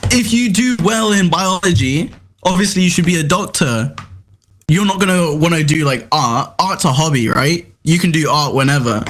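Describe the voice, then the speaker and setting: A young man arguing a deliberately silly side of a casual mock debate, laid-back and deadpan, with many fillers. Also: fairly high pitch. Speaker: debate guest.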